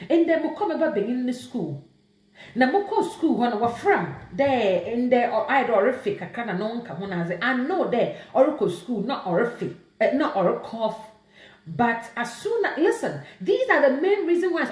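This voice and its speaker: Ghanaian woman host, high animated voice, emotional rhetorical pleading, echoey room. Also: moderate pace. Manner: emotional, pleading, many rhetorical questions, mixes in Twi. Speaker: livestream host. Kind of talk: impassioned live-stream rant.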